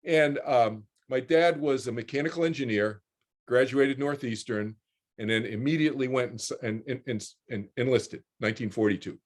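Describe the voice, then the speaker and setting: A man's voice: medium pitch, normal speed. Man in his 60s telling a story over a video call. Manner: repeats words while finding his thread, voices other people in quotes. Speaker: interview guest, author. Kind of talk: animated personal storytelling.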